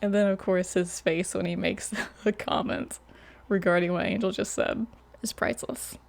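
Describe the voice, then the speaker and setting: A woman's voice: medium pitch, fairly even intonation, moderate pace, creaky. A woman hosting a reaction video, chatting casually and laughing often. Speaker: host. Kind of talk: reaction commentary.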